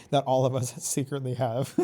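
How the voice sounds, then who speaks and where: A man streaming a video game live, reacting excitably, swearing and taunting the enemies he fights. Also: medium pitch, a little slow, faint music behind. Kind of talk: live gameplay commentary.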